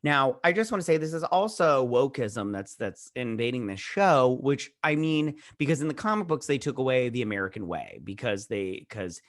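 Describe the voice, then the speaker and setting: A man's voice: medium pitch, animated, moderate pace, few pauses, dry recording, studio quality. A man hosting a show, giving a chatty, opinionated recap of a TV episode with many fillers and asides. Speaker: show host and TV reviewer.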